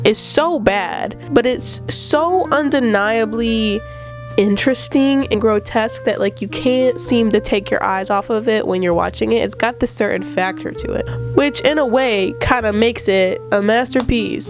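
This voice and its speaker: A woman with a fairly high voice talks through a chatty video review, playful and theatrical, gushing over her subject. A slight vocal fry and roughness hang on her voice while she recovers from being sick. Faint guitar music plays softly behind her. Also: moderate pace. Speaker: video essayist.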